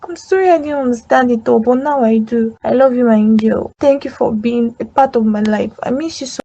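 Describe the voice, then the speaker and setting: A woman's voice: a little high, a little fast, warm tone, dull audio. An actress voicing a grieving young woman who speaks in a tearful, sincere way.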